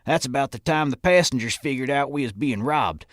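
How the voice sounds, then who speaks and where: An actor playing a tough, stubborn stagecoach driver who talks in a plain, folksy way. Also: male voice, medium pitch, a little fast, a bit bright, no room sound, clean studio sound, natural voice. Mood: recounting. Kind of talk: audio drama acting.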